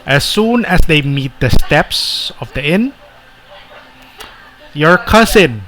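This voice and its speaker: A man with a Filipino accent narrating as dungeon master, halting with many fillers and restarts. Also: a little high, expressive, a bit bright. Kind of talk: narrating a tabletop game, mixing English and Filipino.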